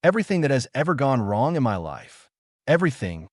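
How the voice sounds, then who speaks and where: A man voicing a hot-headed young boy ninja who rants and yells. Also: medium pitch, very animated, a little fast, no echo, studio quality, pitched above the performer's own voice. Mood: ranting. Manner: ranting, yelling.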